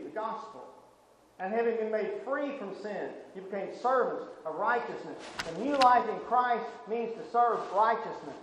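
A fairly high-voiced male preacher delivers an earnest sermon, swelling loud on his exhortations and sinking soft in between. He is heard from a distance in a big echoing hall with a long reverb. Steady background noise sits under the voice. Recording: echoey hall picked up from far off with background noise.

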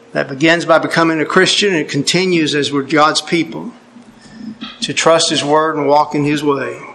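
A middle-aged man preaching a sermon, earnest and deliberate, quoting scripture with emphasis. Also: a little high, fairly bright tone, a little hiss or hum, rough recording.

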